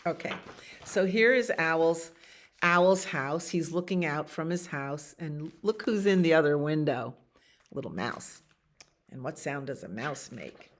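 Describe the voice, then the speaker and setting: A woman's voice: low-pitched, unhurried. A woman reading picture books aloud to children at a library storytime, with chatty asides to her young listeners.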